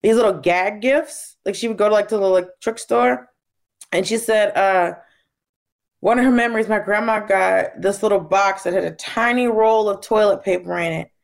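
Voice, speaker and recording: A woman comedian talking casually as a guest and telling stories, acting out family members in quick, shifting voices. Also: mid-range voice, vocal fry. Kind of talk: casual interview storytelling.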